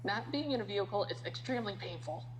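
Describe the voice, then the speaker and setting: A young adult woman, a podcast guest, telling a personal story slowly and candidly, with soft laughs. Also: mid-range voice, animated, long reverb tail, a little hiss or hum, rough recording. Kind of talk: casual podcast chat.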